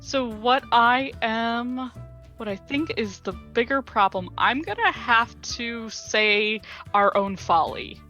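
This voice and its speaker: A giggly, self-deprecating woman with a slightly high, bright voice. She talks very slowly and casually as a player on a live stream. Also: soft background music. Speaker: tabletop game player.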